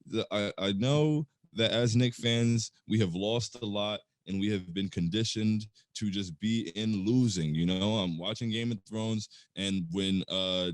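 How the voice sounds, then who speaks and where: Man, podcast co-host, animated exasperated rant, low voice, dry close mic. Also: no echo. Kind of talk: casual sports chat.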